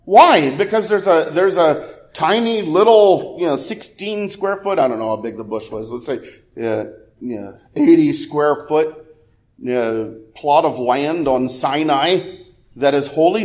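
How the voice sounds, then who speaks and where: Preaching as a pastor, this man is expressive and unhurried, chatting with fillers and correcting himself before swelling to loud, forceful peaks and sinking back down.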